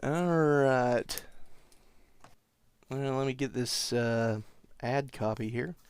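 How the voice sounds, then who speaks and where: A man's voice: mid-range voice, slow pace, clean tone. A man hosting a podcast, rambling through a comic monologue with wry, self-mocking asides. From United States. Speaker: podcast host.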